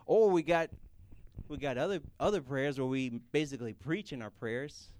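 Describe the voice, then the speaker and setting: A young man giving a casual, comedic sermon, animated and joking as he acts out people praying. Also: medium pitch, normal speed, dry recording. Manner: animated, jokey, acts out prayers in put-on voices. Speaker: youth speaker.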